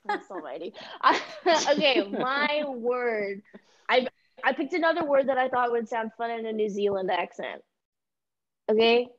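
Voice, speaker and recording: A woman's voice: on the high side, lively intonation, a little slow, fairly bright tone, muffled recording. A woman contestant bantering wryly and playfully in a comedy spelling bee over a video call. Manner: wry, playful.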